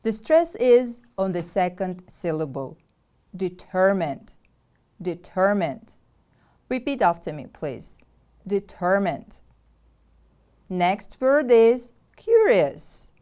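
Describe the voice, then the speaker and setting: Slow, clear Kyrgyz woman teaching English. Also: mid-range voice, big pitch swings, dark tone. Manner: deliberate, drills words and asks pupils to repeat. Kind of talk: slow, clear classroom instruction.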